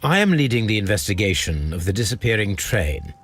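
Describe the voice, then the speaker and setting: Sherlock Holmes, husky. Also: male voice, fairly low pitch, sing-song, a bit bright, faint music behind, exaggerated voice. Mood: formal. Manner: formal, courteous, measured. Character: Sherlock Holmes, formal poised male detective. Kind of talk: video game voice acting.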